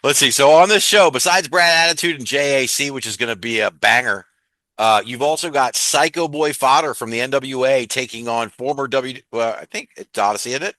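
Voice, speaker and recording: A man's voice: mid-range voice, a little fast, sharp tone, no room sound. A man with a Southern US accent hosting a wrestling podcast, rattling off show news in an upbeat, chatty way and laughing often. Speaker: podcast host. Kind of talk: casual wrestling news chat.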